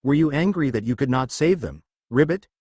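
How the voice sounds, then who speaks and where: A man's voice: medium pitch, animated, a little fast, a little mellow, no room sound, close to an everyday voice. A man reading a blunt frog-like girl student. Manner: blunt and outspoken. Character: blunt, frank young woman student who says "ribbit".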